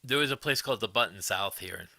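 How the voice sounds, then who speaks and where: Bright, dry-sounding man telling stories. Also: lowish voice, fast talker, creaky, no room sound. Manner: chuckles often, swears casually. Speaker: livestream host. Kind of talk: casual rambling storytelling.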